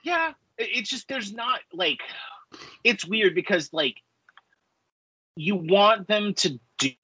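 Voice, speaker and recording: A man's voice: high voice, expressive, takes it slowly, sharp tone, breathy edge, no echo, dull audio. A man in his forties co-hosting a podcast, talking in a rambling casual way full of filler words and ranting. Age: 40s. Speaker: podcast co-host. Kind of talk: casual chat.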